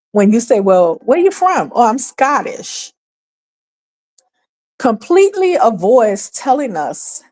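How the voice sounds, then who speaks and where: A woman's voice: medium pitch, darkish tone. Chatty, emphatic woman streaming. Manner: chatty and emphatic, addresses viewers directly, repeats points, breaks into laughs. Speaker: host of her own talk stream. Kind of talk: casual livestream commentary.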